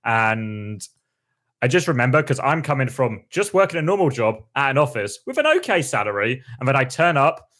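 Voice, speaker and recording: A man's voice: medium pitch, lively intonation, moderate pace, fairly bright tone. A man hosting a casual podcast and acting out quotes in his stories. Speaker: podcast host. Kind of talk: casual chat.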